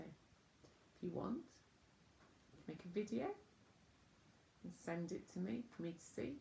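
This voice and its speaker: A woman teaching children school signs, gentle and patient, naming each word with pauses. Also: lowish voice, animated, gravelly, echoey room, slight background noise. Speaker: children's sign language presenter. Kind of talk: slow teaching talk to children.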